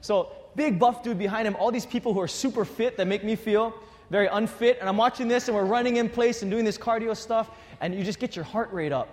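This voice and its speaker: A man preaching a sermon to his congregation, shifting from quiet, earnest appeals to animated storytelling. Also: sits high, a little fast. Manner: animated storytelling with acted quotes. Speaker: pastor. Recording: long hall reverb.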